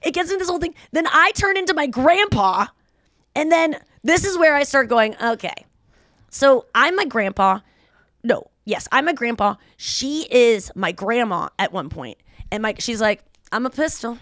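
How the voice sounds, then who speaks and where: A woman in her thirties hosts a podcast and tells a story in casual chat, slipping into the voices of the people in it. Her voice sits a little high. The sound is dry and close. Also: normal speed, dry recording. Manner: animated storytelling, acts out quoted voices. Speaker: podcast host.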